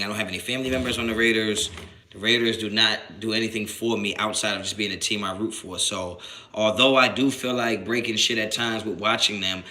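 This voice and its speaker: Fairly low in pitch, with a slight hiss or hum on the audio, a man from New Jersey runs a sports livestream and responds to chat messages he reads aloud. His speech is slangy, repetitive, and full of swearing and restarts; he's animated and gets loud, even shouting, once something annoys him.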